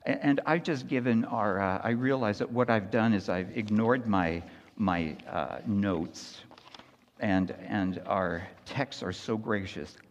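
A man preaching a sermon in a conversational style, often checking in with "right?" and moving between hushed, soft lines and loud, lively storytelling. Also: fairly low pitch, takes it slowly, long reverb tail, muffled recording. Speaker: pastor.

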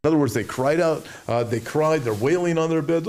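A man's voice: brisk, hardly any pauses, darkish tone. A man preaching a sermon, reading Bible verses and commenting emphatically, with mocking asides and frequent restarts. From United States. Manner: mimics complainers in a whiny high voice. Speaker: show host.

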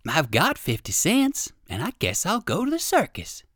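A storybook narrator voicing a kind, polite old gentleman rabbit who speaks gently and without hurry. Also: mid-range voice, huge pitch swings, moderate pace, no room sound, clean studio sound.

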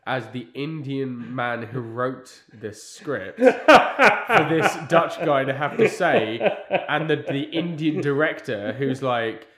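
Wry man with a lively voice, echoey room. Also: mid-range voice, takes it slowly. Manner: wry, mocking, swears casually. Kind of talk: casual chat. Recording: roomy echo.

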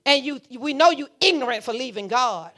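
A woman pastor preaching a sermon, talking to the congregation in a fiery, conversational way that swings from hushed asides to shouting. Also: sits high, lively intonation, fairly quick. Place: church sanctuary.

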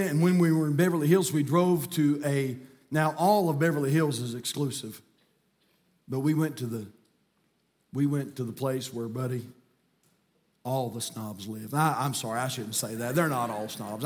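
A middle-aged man, preaching a sermon in a church sanctuary with folksy storytelling that builds to shouting. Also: medium pitch. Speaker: pastor.

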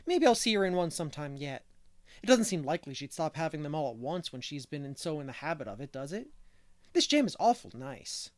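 A man's voice: a little high, sing-song, fairly quick, no room sound. A man voicing a chatty, cheerful little boy who talks bluntly, in a dry audiobook reading.

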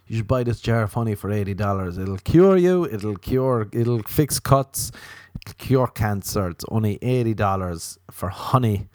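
A man with a low voice rambles through a crude, self-mocking comic monologue. He keeps jumping into high, mocking voices to quote the people in his stories. The sound is dry and close. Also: moderate pace, darkish tone, no room sound. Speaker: comedian.

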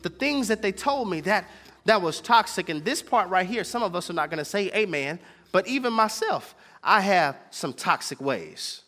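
A man's voice: high voice, lively intonation, moderate pace, bright, forceful tone, in a large hall. A man preaching a sermon as pastor, driving his points home with repetition and call-and-response.

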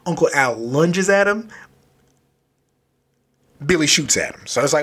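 A man casually recapping a children's horror story, loose and animated, with lots of filler words. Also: a little high, a little slow, pauses often, slightly rough. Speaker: book reviewer.

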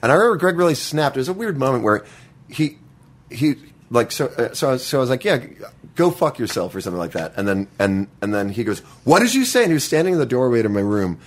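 A man telling a childhood story in a casual chat, halting and restarting often and swearing freely. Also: medium pitch, expressive. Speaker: guest.

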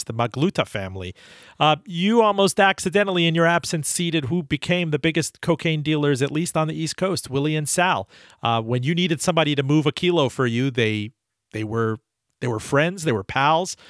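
A man's voice: a little high, a bit bright, dry recording, studio quality. A man hosting an interview, recapping the guest's story and prompting him to go on. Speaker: interview host. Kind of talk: interview questions.

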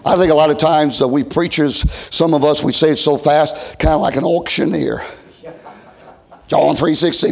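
Middle-aged man, pastor, high voice, folksy revival preaching with big loud-to-soft swings. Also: steady tone, moderate pace, gravelly. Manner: folksy, swinging from loud shouting to hushed near-whisper. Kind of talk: revival sermon.

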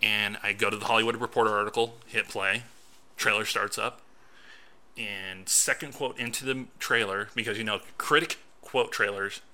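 Man, podcast co-host, lower voice, very bright tone, animated storytelling, casual chat. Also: normal speed. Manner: animated storytelling, acts out his own reactions. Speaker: podcast co-host and film critic.

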